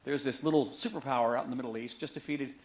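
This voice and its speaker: A middle-aged man giving a book talk to a live audience in a museum auditorium, chatty and joking, telling stories with lively emphasis. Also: medium pitch, fast talker. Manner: conversational, joking, animated storytelling. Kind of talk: public lecture to an audience.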